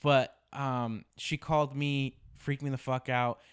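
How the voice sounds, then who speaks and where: A man's voice: mid-range voice, little pitch movement, measured pace, clean tone. A man co-hosting a podcast, telling a story in casual chat, swearing often and repeating himself for emphasis. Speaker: podcast co-host.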